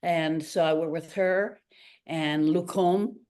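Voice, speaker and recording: Speaking slowly in a low, clean-toned voice, this retired Canadian ballerina and teacher shares stories as an interview guest. The older woman is a lively storyteller who performs the quoted voices of the people she describes.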